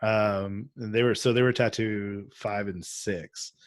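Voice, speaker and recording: A young man hosting a casual chat about theatre, laid-back and rambling, and quick to laugh. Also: on the low side, steady tone, no room sound, studio quality. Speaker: podcast host, actor.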